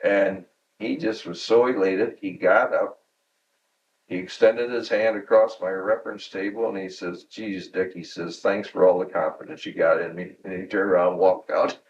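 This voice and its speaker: Gravelly older man telling work stories. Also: low voice, steady tone, moderate pace, recorded from a distance, dull audio, slight background noise. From Michigan, USA. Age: 60s. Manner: chuckling anecdotes, acts out quoted dialogue. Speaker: oral history interviewee. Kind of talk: storytelling reminiscence. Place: his home.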